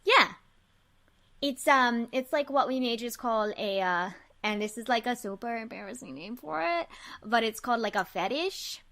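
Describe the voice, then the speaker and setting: A woman's voice: on the high side, animated, normal speed, pushed and bright. A woman narrating as game master of a tabletop game, rambling with many fillers. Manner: rambling, lots of um and like.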